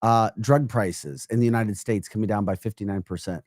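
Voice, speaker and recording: A man co-hosting a political talk podcast, upbeat and animated, laughing often as he talks. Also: lowish voice, moderate pace, dry recording, studio quality. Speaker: podcast co-host.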